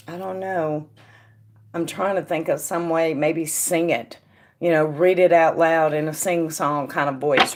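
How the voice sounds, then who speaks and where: Chatty low-voiced woman reading tarot. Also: noisy background. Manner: chatty, addresses viewers by name; drops to a quiet murmur when asking the cards. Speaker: tarot reader and stream host. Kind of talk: casual live-stream tarot reading.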